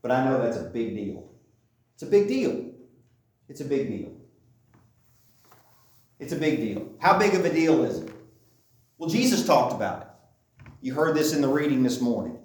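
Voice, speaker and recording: A man's voice: medium pitch, big pitch swings, moderate pace, long pauses, a little mellow. A man preaching a sermon in a conversational way, often repeating phrases for emphasis. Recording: echoey room, mic at a distance.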